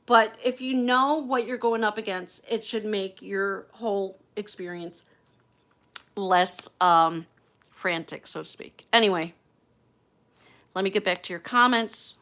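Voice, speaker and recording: A woman's voice: medium pitch, unhurried, a bit bright. A woman chatting candidly on a casual livestream from her phone at home, swearing freely as she talks. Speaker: livestream host.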